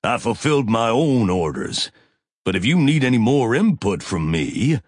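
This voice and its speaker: A man reading an audiobook, voicing a smug, smooth male officer who speaks in a measured, dismissive way. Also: mid-range voice, very animated, no echo, studio quality, voice pushed up.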